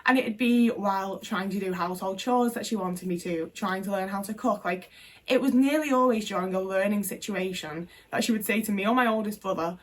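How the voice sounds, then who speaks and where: A young woman speaks candidly to her camera, telling personal stories in loose, everyday speech full of fillers and the occasional curse. Her voice sits at a middling pitch and sounds a little removed from the microphone. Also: brisk, recorded from a distance, a little hiss or hum. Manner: frank and conversational, with casual swearing and many fillers. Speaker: vlogger.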